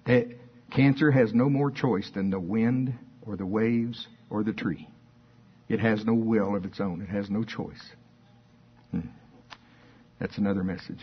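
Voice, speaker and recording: Husky-voiced man preaching a sermon. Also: fairly low pitch, measured pace, pauses often, muffled recording. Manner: fervent, reads scripture aloud.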